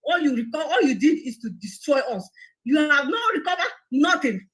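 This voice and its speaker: High-pitched, pleading woman. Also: big pitch swings, normal speed, fairly bright tone, low-quality recording. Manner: pleading and indignant, repeats herself. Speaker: caller on a live broadcast. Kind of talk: impassioned appeal.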